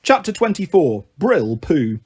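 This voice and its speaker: A man reading a children's novel aloud, lively and acting out the characters. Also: a little high, measured pace, breathy edge. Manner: lively, acts out every character with shifting voices. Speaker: storyteller.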